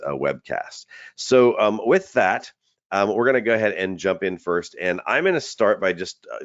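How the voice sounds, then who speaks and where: A man's voice: low-pitched, no echo. A man hosting a training webinar, chatty and rambling, often restarting his sentences. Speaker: webinar host. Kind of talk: casual webinar presenting. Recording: dull lo-fi web call audio.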